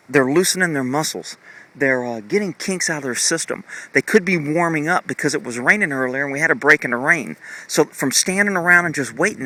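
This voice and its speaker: A man's voice: on the high side, sharp tone. Chatty man filming horses outdoors. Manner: chatty, rambling, fond, with fillers. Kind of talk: casual outdoor commentary. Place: outdoors in a muddy pasture. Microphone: handheld camera.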